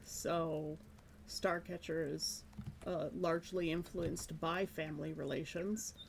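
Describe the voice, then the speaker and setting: A woman's voice: sits low, fairly even intonation, slow pace, creaky, slight background noise. A woman streaming live, chatting casually while she draws, musing and self-deprecating about her work. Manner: musing, self-deprecating, breaks into light laughs.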